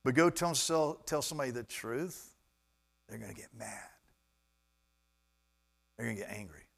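Animated male preacher, hushed to booming. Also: moderate pace, creaky. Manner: animated, swings from hushed to loud and emphatic. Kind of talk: sermon.

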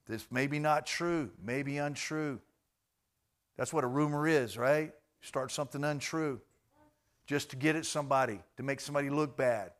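A man preaching a sermon to a congregation, addressing listeners directly and swinging between loud emphatic bursts and quiet asides. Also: medium pitch, moderate pace. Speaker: pastor.

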